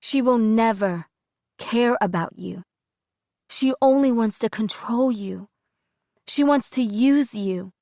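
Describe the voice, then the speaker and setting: A woman's voice: on the high side, slow pace, pauses often, a little mellow, no echo, studio quality. Woman voicing a soothing, firm caretaker. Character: calm, soothing middle-aged female caretaker. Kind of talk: audiobook character voice.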